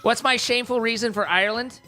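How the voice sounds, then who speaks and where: A man's voice: very high voice, fast talker, bright, forceful tone, faint music behind. A man streaming, chatting casually in a rambling, self-correcting way and laughing easily. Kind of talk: casual live-stream chat.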